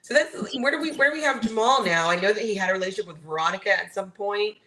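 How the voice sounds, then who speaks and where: A woman co-hosting a casual reality TV recap, giving her measured opinion and her own rules. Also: mid-range voice, pushed and bright, poor audio. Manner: thoughtful, sets out her personal rules. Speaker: podcast co-host.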